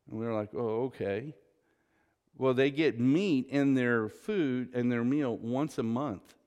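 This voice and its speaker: A man preaching a sermon as pastor, telling stories with emphatic, drawn-out stresses and saying "y'all". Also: mid-range voice, clean tone, long reverb tail. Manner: Southern "y'all".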